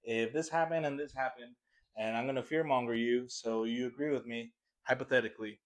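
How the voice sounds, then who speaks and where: A man's voice: mid-range voice, steady tone, a little fast, lightly acted. A man putting on the voice of a smug, fearmongering male political pundit who keeps lecturing. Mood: mocking. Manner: repetitive, lecturing.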